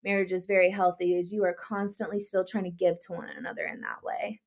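A young adult woman co-hosting a podcast in casual chat, talking in a relaxed way full of "like" and "you know". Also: on the low side, brisk. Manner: chatty, many fillers like "like" and "you know". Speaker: podcast co-host.

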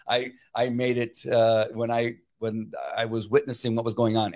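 A man hosting a casual livestream, talking emphatically with many fillers and restarts, and muttering to himself while he fixes technical problems. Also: mid-range voice. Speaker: livestream political commentary host.

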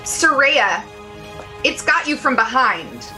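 Lady gm narrating a tabletop game, unhurried and descriptive, slightly high voice. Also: very animated, pushed and bright, soft background music. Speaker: game master.

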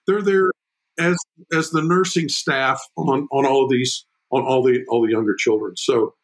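On a podcast with poor audio, a middle-aged guest discusses being a father in lively conversation at a normal pace. Excitement sends his pitch jumping, and he speaks emphatically, often repeating words.

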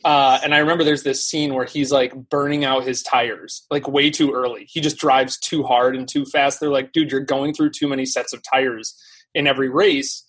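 A man as a podcast guest in casual live-stream chat, telling stories quickly and animatedly with lots of fillers. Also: medium pitch, steady tone, fairly bright tone, slightly rough. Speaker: podcast guest, SEO teacher.

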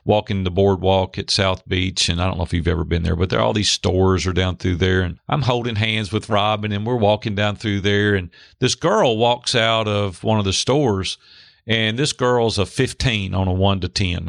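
A middle-aged man telling a candid, animated personal story as a guest in a faith-based talk. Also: lowish voice, normal speed, creaky, dry recording, clean studio sound. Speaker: podcast guest.

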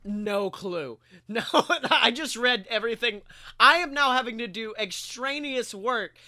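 A man co-hosting a comedy podcast in casual banter, animated and swearing, often laughing through his own jokes. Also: very high voice, measured pace, dry recording. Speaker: podcast co-host.

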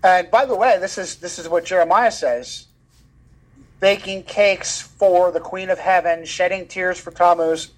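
A man with a notably high voice talks as a guest author in an interview. He speaks emphatically, often repeating words to drive his points home. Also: fairly even intonation, measured pace. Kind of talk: animated conversational interview.

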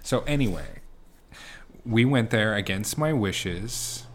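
A young man co-hosting a podcast in casual chat with his wife, talking in an even, low-key way. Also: slow, a little hiss or hum. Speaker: podcast co-host.

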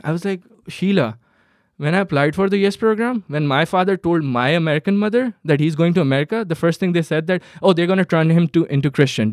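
A young man from Pakistan telling a personal story, animated and acting out the people he quotes, with frequent restarts. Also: on the high side, dry recording, studio quality. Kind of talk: personal anecdote told to an audience.

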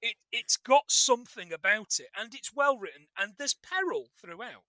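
A man co-hosting a casual film chat, animated and jokey, swearing freely. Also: very high voice, normal speed, no room sound. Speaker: podcast co-host.

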